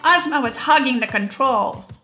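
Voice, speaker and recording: A woman voicing a hotheaded young boy in a storybook, loud and shouting back. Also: high voice, expressive, normal speed, faint music behind, voice pushed up. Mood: angry.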